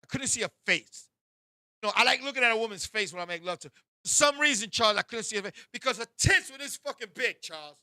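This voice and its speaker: A man hosting a talk show, telling a raunchy story in an animated way, bursting into shouts and turning to his co-host again and again. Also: high-pitched, fast, no echo, studio quality.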